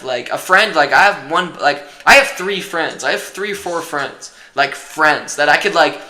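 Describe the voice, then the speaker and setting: Young man, casual podcast talk, rambling with lots of swearing, fairly high and bright, echoey room. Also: moderate pace, hardly any pauses. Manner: rambling, heavy swearing and fillers. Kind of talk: casual chat.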